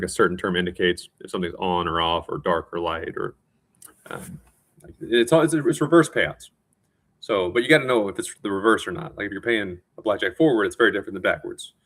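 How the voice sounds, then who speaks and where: A tired man talking in a casual, rambling monologue, self-mocking and quick to restart his sentences. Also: low-pitched. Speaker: vlogger.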